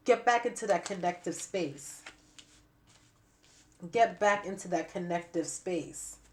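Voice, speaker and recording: Stuffy, raspy-throated woman reading tarot. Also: on the low side, slow pace. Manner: repetitive, emphatic, preaching. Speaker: tarot reader. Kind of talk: spiritual reading to camera.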